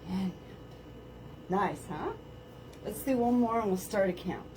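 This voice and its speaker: A woman's voice: mid-range voice, animated, a little slow, a little mellow, slight background noise. A woman leading a live floor workout at home, chatting and joking about herself as she talks viewers through planks and stretches and counts the reps aloud. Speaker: fitness instructor. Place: indoors at home, on a floor mat. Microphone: camera on the floor.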